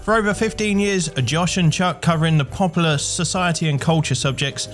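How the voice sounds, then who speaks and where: A man's voice: a little high, a little fast, faint music behind. A man hosting a podcast chart countdown in an upbeat presenter style. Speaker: chart show host.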